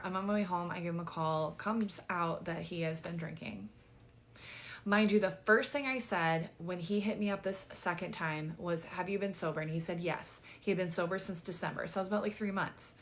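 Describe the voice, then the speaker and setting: Low-voiced woman venting a storytime. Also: brisk. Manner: chatty and exasperated, with frequent "like" and casual swearing. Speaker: vlogger telling a dating story. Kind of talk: casual storytime monologue.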